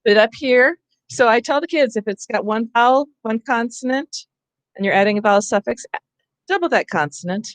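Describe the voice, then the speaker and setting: A woman's voice: a little high, lively intonation, moderate pace, no echo. A woman training teachers in a casual, conversational lecture, explaining spelling rules with frequent asides. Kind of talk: professional development lecture.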